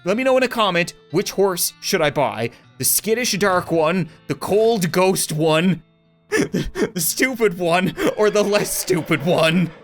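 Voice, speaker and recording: Man, let's-play host, rambling jokey commentary, lively up-and-down pitch, music faint behind. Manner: rambling, jokey, quick asides. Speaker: gaming video host.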